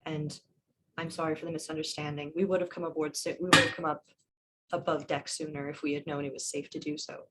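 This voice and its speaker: A woman's voice: deep voice, fast, very noisy. A woman playing a tabletop game, speaking in character in a polite, earnest, formal way. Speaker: player. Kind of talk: in-character tabletop role-play.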